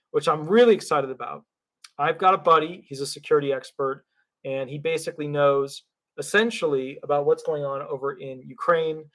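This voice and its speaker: A man hosting a live call-in show as a disability attorney, talking in a rambling, excitable way with lots of fillers and restarts. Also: a little high. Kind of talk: livestream call-in talk.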